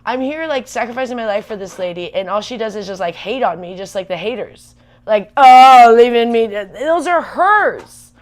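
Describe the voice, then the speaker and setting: A woman venting fast and emphatically in a casual livestream chat. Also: medium pitch. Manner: ranting, worked up, fast and emphatic. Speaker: livestream vlogger.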